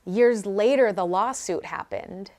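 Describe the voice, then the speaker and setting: A woman's voice: medium pitch, a little slow, darkish tone. A young woman vlogger telling a personal story candidly, with self-mocking humor.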